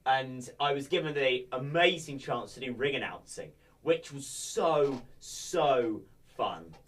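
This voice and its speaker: Animated young man in a podcast chat. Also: mid-range voice, slow. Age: young adult. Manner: animated, jokey, amps up his energy. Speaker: podcast guest.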